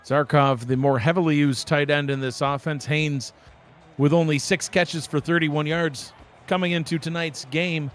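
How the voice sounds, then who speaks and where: A man doing sports play-by-play commentary, brisk and full of stats. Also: on the high side, steady tone. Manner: brisk, stat-heavy play-by-play. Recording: music bed behind the voice. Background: background music.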